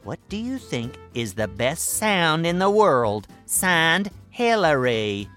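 A man voicing a boastful, excitable furry animal sidekick who hosts a kids' comedy radio show. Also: a little high, takes it slowly, faint music behind, heavily acted.

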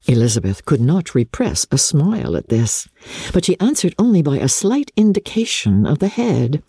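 A woman's voice: sits low, moderate pace, slightly rough, no room sound, studio quality. A woman giving a dramatic, theatrical reading of a classic novel as narrator. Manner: expressive, theatrical storytelling.

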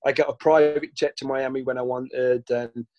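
A man's voice: medium pitch, flat delivery, moderate pace, dry recording, highs cut off. A British man from the UK, a guest telling long, rambling anecdotes in a casual chat, often acting out the lines people said to him. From United Kingdom. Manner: rambling, anecdotal, acts out quoted dialogue.

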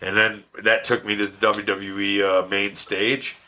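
Brash, lower-voiced man telling stories. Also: unhurried. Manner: brash, profane, animated storyteller. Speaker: podcast guest. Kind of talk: casual storytelling.

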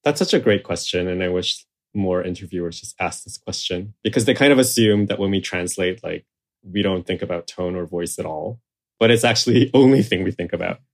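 A literary translator being interviewed talks casually and rambles, filling his speech with fillers and restarts. His voice is low and his delivery brisk.

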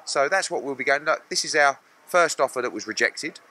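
Blunt, animated promoter. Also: male voice, mid-range voice, fairly quick. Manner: blunt and animated, acts out other people's lines. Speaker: boxing promoter. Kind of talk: press interview answers.

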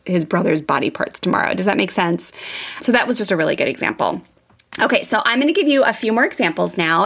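A middle-aged woman hosts a parenting show in a loose, chatty monologue. Her voice carries a gravelly edge. She tells everyday stories with an animated lilt. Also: mid-range voice. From California, US. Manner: chatty, animated storytelling with fillers. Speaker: podcast host, parenting coach. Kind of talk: casual monologue with anecdotes.

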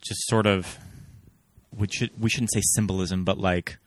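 A man's voice: low voice, steady tone, moderate pace, no room sound, studio quality. A man co-hosting a podcast in casual chat, explaining details thoughtfully with asides. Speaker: podcast co-host.

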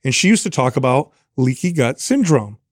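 A man's voice: medium pitch, very animated, moderate pace, no echo, clean studio sound. A man in his forties co-hosting a podcast, talking emphatically and often repeating words as he starts a sentence. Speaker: podcast co-host. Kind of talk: casual discussion.

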